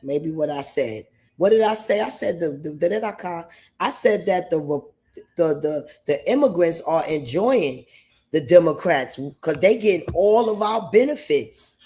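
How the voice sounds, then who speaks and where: A man's voice: fairly high pitch, animated, a little slow, a little mellow. A man from New York State hosting a livestream and giving opinions in a rambling, emphatic way, often repeating himself. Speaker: livestream host.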